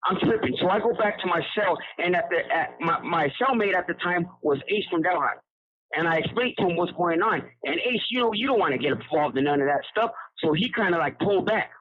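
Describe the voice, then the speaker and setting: Husky high-voiced man on a phone line. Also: expressive, fairly quick. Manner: street slang, rambling with restarts. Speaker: incarcerated storyteller. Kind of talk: casual storytelling over a phone call. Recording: tinny prison phone line.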